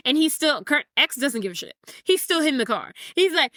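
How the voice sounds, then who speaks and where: A woman's voice: high-pitched, expressive, brisk, hardly any pauses, pushed and bright, dry recording, studio quality. A woman podcast co-host retelling a movie scene in casual chat, acting out the characters' lines.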